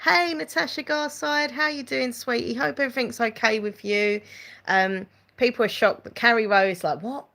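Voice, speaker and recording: A woman's voice: fairly high pitch, moderate pace, creaky, sharp tone. A woman hosting a casual live-stream chat, giggling often and reading out viewer comments. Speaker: channel host chatting with live viewers.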